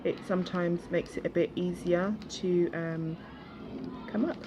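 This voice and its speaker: A woman's voice: fairly low pitch, fairly even intonation, a little slow, noisy background. A woman chatting to her viewers while she crafts, with self-mocking asides. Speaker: craft vlogger. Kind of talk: casual chatty crafting vlog. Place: outdoors at a table.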